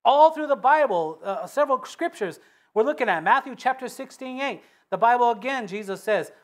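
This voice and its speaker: Fervent high-voiced preacher. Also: male voice, animated, normal speed. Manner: swings from loud fervent peaks to low hushed asides; reads scripture in King James wording with emphatic repetition. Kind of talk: sermon.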